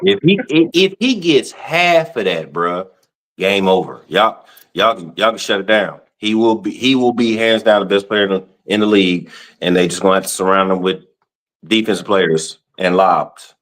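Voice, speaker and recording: A man co-hosting a sports talk podcast, in slangy, animated casual chat. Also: on the low side, normal speed. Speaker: podcast co-host.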